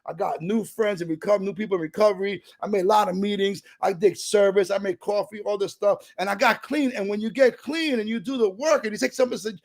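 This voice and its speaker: Gravelly high-voiced New man. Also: steady tone, fast talker, few pauses. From New York, Puerto Rican family. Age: middle-aged. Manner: streetwise, emotional, casual storytelling. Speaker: recovery speaker. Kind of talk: personal recovery talk.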